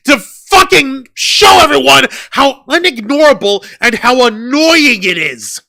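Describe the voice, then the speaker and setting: A man's voice: very high-pitched, animated, a little slow, gravelly, hardly any pauses, sharp tone, dry recording. A man co-hosting a wrestling review podcast, ranting with profanity and sarcasm. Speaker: podcast co-host. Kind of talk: heated wrestling review chat.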